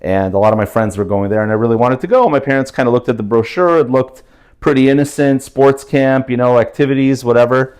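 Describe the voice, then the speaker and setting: A Russian-speaking man from New Jersey, USA, chats as a guest in a casual interview, his talk full of fillers and restarts. His voice is medium in pitch, steady, fast, somewhat dark and clean.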